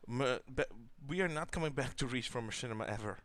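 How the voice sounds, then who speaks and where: A man's voice: mid-range voice, lively intonation, fast talker, fairly bright tone. A young man co-hosting a casual gaming talk show, blunt and rambling, with crude jokes. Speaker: podcast co-host.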